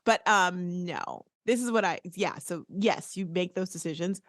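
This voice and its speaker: A playful, talkative woman co-hosting a podcast, with a light lilt. Her voice sits low and sounds close and dry, with no room around it. She chats loosely and slips into quoted voices along the way. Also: measured pace, fairly bright tone, no room sound. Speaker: podcast co-host. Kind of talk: casual podcast chat.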